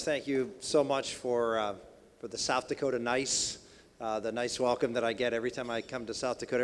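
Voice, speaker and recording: A middle-aged man giving a folksy political speech at a banquet, rambling with many restarts and fillers. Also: mid-range voice. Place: banquet hall. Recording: reverberant banquet hall.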